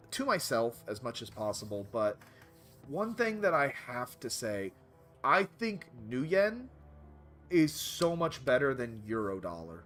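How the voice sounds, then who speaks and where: A man casually commenting while streaming a video game, rambling and cutting himself off often. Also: medium pitch. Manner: rambling, self-interrupting, animated.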